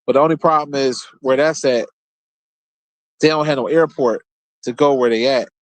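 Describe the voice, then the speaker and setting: A man's voice: medium pitch, normal speed, no echo. A man hosting his own show, telling loose, rambling stories in a casual, profane, laid-back way. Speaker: show host. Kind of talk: casual storytelling monologue.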